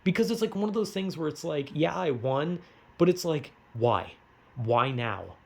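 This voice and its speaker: A man's voice: on the high side, animated, fairly quick, vocal fry, dark tone. A man ranting casually about a video game, profane and self-mocking as he tells the story. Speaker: gaming vlogger. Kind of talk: casual rant to camera.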